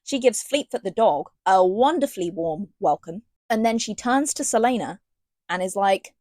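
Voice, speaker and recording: A woman's voice: medium pitch, animated, normal speed, a little mellow, no echo. A woman giving a sarcastic, slangy casual book review, reading passages aloud between rants. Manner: sarcastic, ranting, slangy asides.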